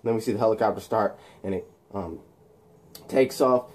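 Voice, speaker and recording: Brief: man, casual rambling storyteller, husky mellow voice. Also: on the low side, moderate pace. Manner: rambling, many fillers and restarts. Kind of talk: casual retelling of a made-up film plot.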